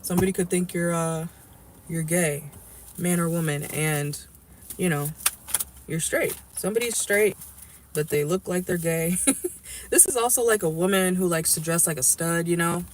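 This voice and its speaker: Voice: mid-range voice, moderate pace, slight background noise. A tarot reader in a car giving a casual, rambling and blunt reading to viewers, swearing freely. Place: inside a car.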